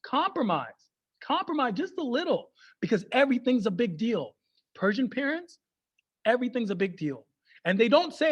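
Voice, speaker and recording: A man doing stand-up comedy, animated and mixing in Persian phrases. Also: extremely high pitch, normal speed, slightly rough.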